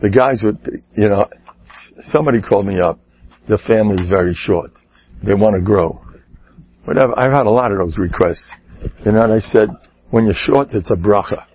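A man's voice: fairly low pitch, moderate pace, pauses often, breathy edge, dull audio. A man telling humorous stories, laughing and mimicking people as he talks. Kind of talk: humorous storytelling talk.

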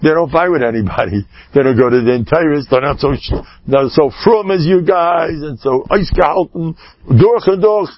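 A rabbi giving an animated sermon, swinging between shouting and hushed asides, with Yiddish and Hebrew words woven in. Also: male voice, fairly high pitch, normal speed, no room sound, muffled recording. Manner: peppers speech with Yiddish and Hebrew terms. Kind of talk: sermon storytelling.

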